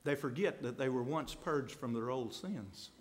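A man preaching a sermon in a folksy, impassioned way, speaking straight to the congregation and swinging from hushed asides to loud climaxes. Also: medium pitch, lively intonation, moderate pace, slight background noise.

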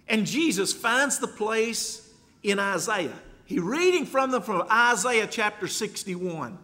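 A man preaching a sermon in an emphatic voice, building to loud exhortation. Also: high voice, big-room sound.

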